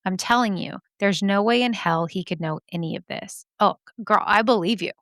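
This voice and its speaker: A woman's voice: medium pitch, moderate pace, fairly bright tone, dry recording, clean studio sound. A woman hosting a podcast, reading listener mail aloud and reacting in a chatty, emotional way, laughing often and swearing casually.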